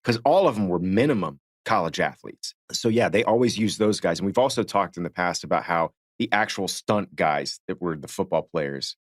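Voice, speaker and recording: A man co-hosting a podcast, telling behind-the-scenes stories in a relaxed way with frequent chuckles. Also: deep voice, moderate pace, hardly any pauses, dry recording, studio quality. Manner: relaxed storytelling, chuckling often. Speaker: podcast co-host. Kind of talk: casual podcast chat.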